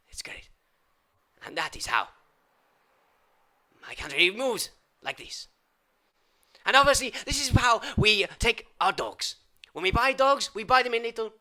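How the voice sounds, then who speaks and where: A man doing an improvised comic monologue. He rambles absurdly in mock-foreign phrasing and swings from loud outbursts to whispers. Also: sits high. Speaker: improv comedian.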